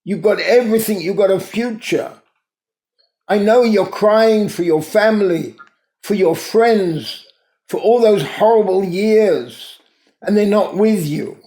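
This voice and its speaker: A man doing a gentle, consoling rabbi. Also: sits high, takes it slowly. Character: kindly male rabbi comforting a survivor. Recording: roomy echo.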